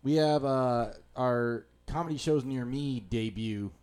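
A man's voice: mid-range voice, measured pace, darkish tone, smooth. A man co-hosting a comedy podcast, making dry, wry quips in a casual chat.

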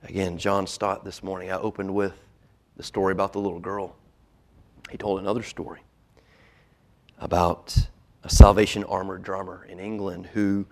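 Man preaching, loud swings to hushed whispers. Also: deep voice, steady tone, moderate pace, long pauses. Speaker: pastor. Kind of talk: sermon.

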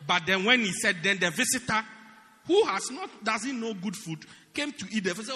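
A man preaching a humorous sermon, acting out stories and shouting the punchlines. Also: sits high, moderate pace, long reverb tail. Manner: animated storytelling, laughing and shouting punchlines. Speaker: pastor.

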